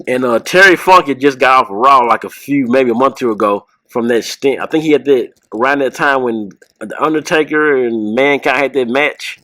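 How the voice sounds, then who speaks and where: A man hosting a podcast, telling a rambling story with laughs and quick voice impressions. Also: medium pitch, fairly bright tone, no echo, low-quality recording. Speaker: podcast host.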